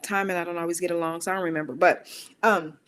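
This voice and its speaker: Animated woman giving a motivational talk. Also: fast talker. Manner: animated, acts out her own inner voices with squeaky high bits; conversational and emphatic, asks rhetorical questions. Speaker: speaker of a worship center.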